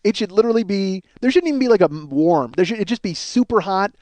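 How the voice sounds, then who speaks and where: A man's voice: high-pitched, animated, fast talker, darkish tone, no echo. A middle-aged man from the Chicago area telling rambling, profane, self-mocking comic stories as a podcast host, acting out bits of dialogue. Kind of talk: comic storytelling monologue.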